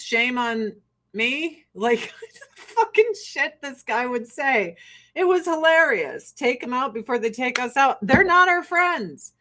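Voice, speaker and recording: A woman's voice: high voice, a bit bright. A woman hosting a podcast, ranting in a blunt, profane, sarcastic way and laughing often. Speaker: podcast host. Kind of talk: casual ranting chat.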